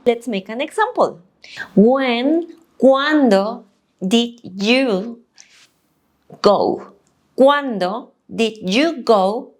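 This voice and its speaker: A woman whose first language is Spanish teaches an online language lesson, repeating each example slowly and deliberately. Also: a little high, lively intonation.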